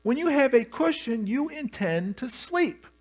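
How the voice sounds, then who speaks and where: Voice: sits high, lively intonation, unhurried, faint music behind. A pastor preaching a sermon, telling the story with humor and animation.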